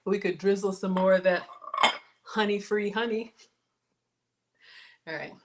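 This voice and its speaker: A middle-aged woman chats through a home cooking livestream. She is excitable and talkative, with a voice of middle pitch. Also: measured pace, heavy background noise. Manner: chatty and excitable, talks to viewers with "y'all". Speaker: home cook livestream host. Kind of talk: casual livestream cooking chat.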